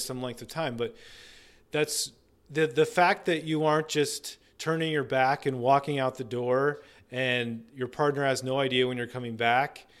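A man's voice: medium pitch, clear, resonant tone. Earnest man explaining couples therapy. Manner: earnest, with many ums and restarts.

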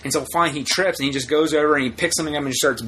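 A man's voice: a little high, racing, slight background noise, low-quality recording. Rambling man chatting on a podcast. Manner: rambling, animated, acts out quotes in put-on voices. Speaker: podcast co-host. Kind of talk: casual chat.

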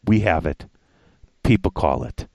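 A man's voice: extremely low pitch, animated, a little slow, vocal fry, darkish tone, dry recording. A man hosting a podcast in casual chat, rambling and stumbling over names. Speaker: podcast host.

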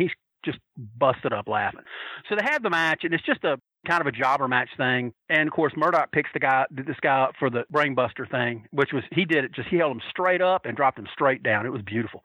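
Man, bright tense tone, dry close sound; lively raconteur who slips into character voices. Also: fairly high pitch, no room sound, poor audio. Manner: animated, acts out quoted voices. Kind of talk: casual anecdote telling.

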